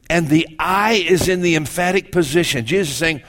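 An older male pastor delivers an animated sermon in a slightly raised voice. He breaks off into joking asides and quick corrections before pressing his point again. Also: a little high.

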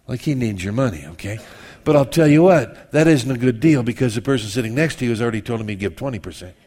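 A man's voice: mid-range voice, lively intonation, quick pace, a little mellow. A male pastor preaching a sermon in a conversational way, acting out people's prayers with humorous asides.

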